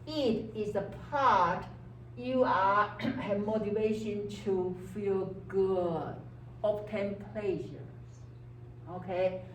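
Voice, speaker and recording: Slow-spoken woman lecturer in an echoey classroom. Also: mid-range voice, far from the mic, a little hiss or hum. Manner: keeps checking in with "okay?", acts out inner voices; non-native English grammar. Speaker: psychology lecturer. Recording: echoey classroom heard from afar.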